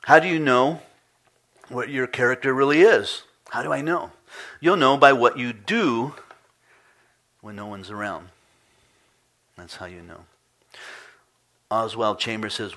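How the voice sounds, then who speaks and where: A man preaching a sermon as pastor, swinging between animated storytelling and soft, hushed asides. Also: unhurried, long pauses. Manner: animated storytelling, voice climbing high and loud when retelling frustration; drops to a soft, near-whispered hush on solemn points.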